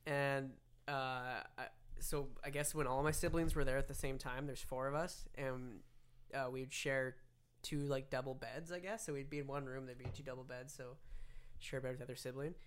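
A man's voice: medium pitch, fairly even intonation, normal speed, clear, resonant tone. A young man co-hosting a casual podcast with friends, laughing as he tells his own stories. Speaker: podcast co-host. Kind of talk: casual chat among friends.

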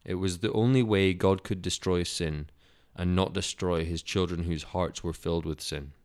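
A man's voice: deep voice, steady tone, moderate pace, a little mellow. A man reading a Bible story for children in a solemn, dramatic way.

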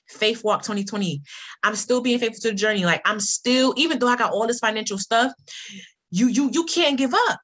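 An animated woman tells a personal story to her viewers. Her voice is bright and swings widely in pitch, and she leans on repeated phrases for emphasis. Her delivery is casual and addressed directly to her audience. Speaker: vlogger telling a personal story.

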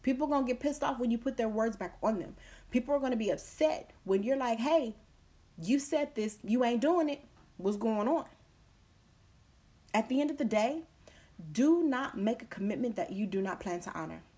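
A woman's voice: on the high side, animated, a little fast, warm tone. A woman hosts her own podcast in a loose, casual monologue. She speaks emphatically and drives her points home by repeating them, and she slips into other voices when she quotes what people say. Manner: emphatic, preachy, repeats key phrases. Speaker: podcast host.

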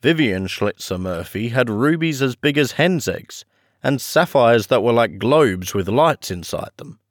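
A man narrating a classic story as an audiobook podcast host, measured and friendly. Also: medium pitch, lively intonation, no echo, studio quality.

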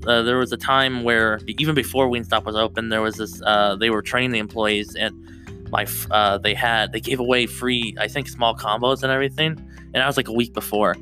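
Bright-voiced young man rambling on his podcast. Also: medium pitch. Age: young adult. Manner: rambling, self-interrupting, restarts often. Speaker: podcast host. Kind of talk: solo podcast chat. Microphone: close podcast mic.

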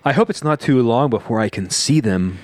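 A man's voice: mid-range voice, animated, brisk, darkish tone, no echo, close to an everyday voice. A man reading the part of a divorced mother fighting for custody, in a mock-dramatic comedic script reading. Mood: earnest.

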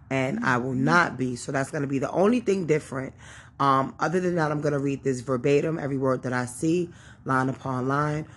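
A woman's voice: deep voice, darkish tone, breathy edge. A woman reading a Bible chapter aloud and teaching, with chatty, informal asides and many fillers. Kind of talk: casual scripture reading and teaching.

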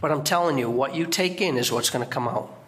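A man's voice: mid-range voice, fast talker, fairly bright tone. A middle-aged man giving a guest sermon in a church, preaching conversationally with restarts and sudden emphatic outbursts.

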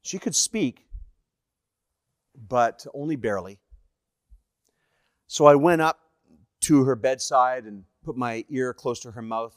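A Canadian evangelist telling personal stories in a sermon, animated and acting out the voices of the people in them. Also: male voice, medium pitch, slow pace, long pauses, dry recording, studio quality. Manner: animated, acts out dialogue in the stories. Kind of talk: sermon storytelling.

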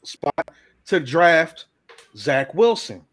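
A man hosting a casual sports talk show, ranting in an animated, profane way. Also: on the high side, very slow. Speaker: podcast host.

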